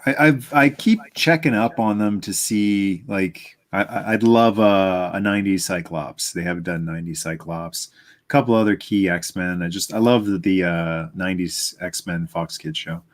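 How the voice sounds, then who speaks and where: A man's voice: deep voice, moderate pace. A man as a guest on a casual live stream, joking and laughing often as he talks over a video call. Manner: laughs often, jokey and animated.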